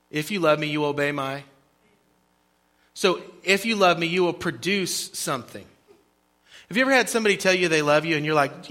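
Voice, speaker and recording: A man preaching a sermon as pastor, with emphatic, rhythmic repetition and sudden drops into quiet asides. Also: fairly high pitch. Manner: emphatic preaching, rising and dropping volume for effect; repeats phrases in a rhythmic cadence.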